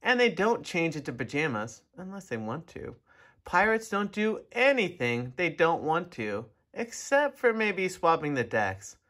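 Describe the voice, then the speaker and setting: A man reading a children's picture book aloud in an expressive, animated way. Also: on the high side, a little slow. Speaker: storybook reader. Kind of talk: children's story read-aloud.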